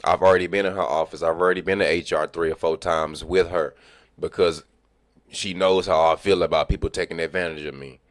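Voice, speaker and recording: A man livestreaming, telling animated, profane stories about work and acting out what people said. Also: low-pitched, a little fast, no echo. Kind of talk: casual storytelling chat.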